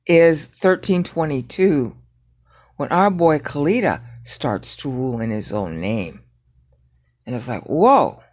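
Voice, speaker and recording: A woman teaching Bible prophecy in a rambling screen-share lecture, often checking in with "okay?" and grumbling at her software. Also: very deep voice, very animated, slow pace. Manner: digressive, frequent "okay?" checks, irritated asides at software.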